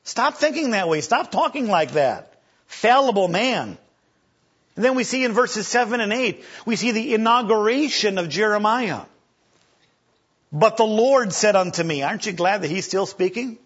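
High husky-voiced male preacher. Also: normal speed. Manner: animated preaching, acts out scripture voices, stutters for effect. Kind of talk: sermon. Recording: dull lo-fi recording.

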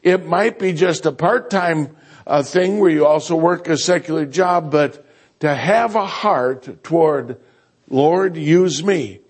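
A man preaching a sermon as a visiting preacher, folksy and animated, joking and mimicking other people's voices. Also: a little high, measured pace, husky. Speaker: guest preacher.

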